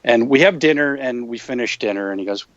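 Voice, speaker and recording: A man in a casual podcast chat, speaking at a middling pitch in an easygoing, anecdotal way. His voice is dry and close to the mic, with a slightly dull, lo-fi sound. Fillers and restarts fill his telling. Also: fairly quick, no room sound. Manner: relaxed storyteller, frequent fillers, slips into impressions. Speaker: podcast guest.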